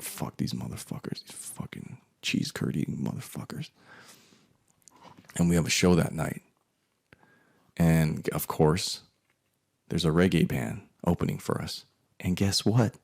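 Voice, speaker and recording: A man's voice: sits low, darkish tone. A man in his forties telling a profane personal story in a rambling monologue, with muttered asides. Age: 40s. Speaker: artist telling a life story.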